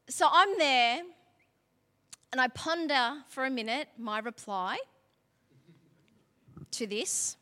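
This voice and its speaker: A high, bright woman preaches in a church hall, and her voice carries a long reverb tail. She tells her story in a chatty way with little laughs, then pushes into emphatic, fervent preaching. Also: expressive, takes it slowly, pauses often. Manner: conversational, laughing asides, building to emphatic preaching. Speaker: pastor. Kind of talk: sermon with personal story.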